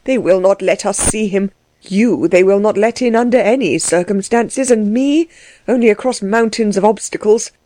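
A woman's voice: mid-range voice, moderate pace, warm tone, no echo, lightly acted. Distraught older male servant, pleading and anxious; a woman narrator reads the part. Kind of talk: audiobook character reading.

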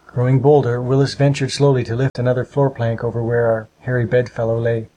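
A man narrating a storybook with a steady, measured reading. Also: medium pitch, rough recording.

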